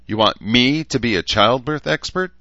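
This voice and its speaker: A man's voice: sits low, animated, unhurried, a bit bright, no room sound, pitched above the performer's own voice, heavily acted. Guy putting on a fretful young daughter in a story, voice pushed up, kinda muffled dry audio. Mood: exasperated. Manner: raised, strained, exasperated. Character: young adult woman, anxious, blunt daughter.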